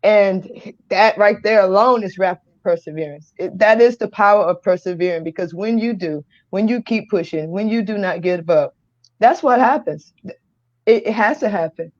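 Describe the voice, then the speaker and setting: A woman hosting a casual livestream on a computer, exuberant, shouting and laughing as she reads viewer comments. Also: medium pitch, moderate pace, dry recording, muffled recording. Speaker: livestream host. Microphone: computer mic on a live video call.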